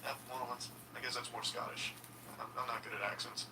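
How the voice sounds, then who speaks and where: A man's voice: mid-range voice, flat delivery, fairly quick. A man hosting a reaction video, giving sarcastic, profane commentary in a dry, mocking way. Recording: distant mic with clear background noise.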